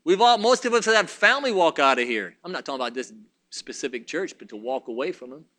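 A man's voice: a little high, animated, quick pace, pushed and bright. A man preaching a sermon, fervent and repetitive, talking straight to his congregation.

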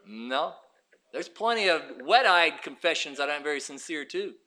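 A man preaching a sermon with passion, swinging from shouted bursts to hushed, quiet stretches. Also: on the high side, lively intonation, moderate pace.

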